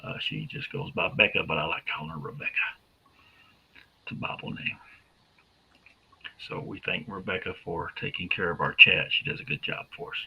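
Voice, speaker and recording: A man's voice: deep voice, fairly even intonation, moderate pace, vocal fry, pauses often, slightly rough. A man co-hosting a podcast in easygoing, folksy chat, full of fillers. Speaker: podcast co-host. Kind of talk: casual chat. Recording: dull lo-fi.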